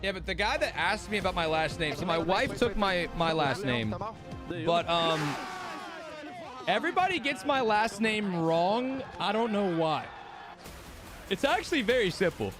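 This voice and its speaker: Music plays under a young man's high voice as he hosts a watch-party livestream at normal speed. Sleepy and yawning, he chats casually, rants, swears a lot, and tells stories with real animation.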